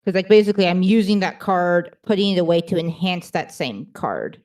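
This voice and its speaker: A woman's voice: fairly low pitch, a little fast, darkish tone. A woman playing a tabletop game, asking about the rules in a chatty, hesitant way with many fillers. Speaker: player.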